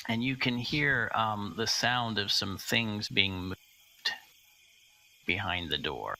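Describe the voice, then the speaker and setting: Slow, gravelly, bright-voiced male game master. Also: on the low side, slight background noise, rough recording. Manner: halting, with frequent fillers and restarts. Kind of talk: narrating and explaining rules of a tabletop game.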